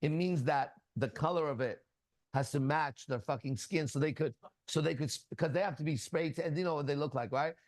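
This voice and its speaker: A man's voice: on the high side, fairly quick, dry recording. A man teaching in a casual spiritual talk, blunt and crude, full of profanity as he tells stories. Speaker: ministry teacher.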